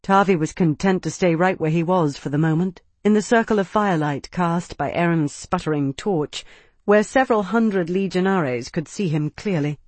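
Audiobook narrator, steady even delivery, mid-pitched voice, dry close sound with no room. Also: moderate pace, dry recording. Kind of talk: scripted narration.

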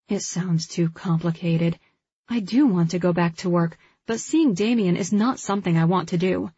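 A woman narrating a first-person romance audiobook in a measured, emotional reading. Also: lowish voice, warm tone, husky, dry recording. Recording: dull lo-fi recording.

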